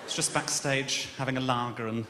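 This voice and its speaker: A man from Birmingham doing a stand-up comedy set, camp and self-mocking with a quick delivery. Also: mid-range voice, steady tone. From Birmingham, England. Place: large echoing live comedy venue. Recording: echoey hall with loud noise.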